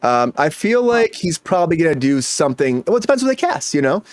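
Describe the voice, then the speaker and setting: Lively fast-talking male show host. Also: on the high side, dry recording. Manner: energetic, hypes up breaking news. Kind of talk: comedy entertainment news chat.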